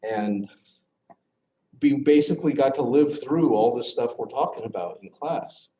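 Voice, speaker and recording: A middle-aged man teaching a class, earnestly telling a personal story, with his voice dropping low at the hard moments. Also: measured pace, mellow. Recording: echoey classroom, faint noise.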